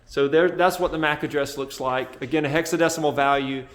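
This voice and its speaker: A man's voice: fairly high pitch, fairly even intonation, brisk. A male computer science teacher giving a casual, conversational classroom lecture with many fillers. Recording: echoey classroom from far off.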